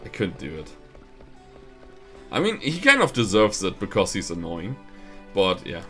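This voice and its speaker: Man, gaming streamer, unhurried, lively pitch, laughs a lot, faint game music behind. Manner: laughs often, reads lines in changing voices. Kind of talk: casual let's-play commentary, reading game dialogue aloud.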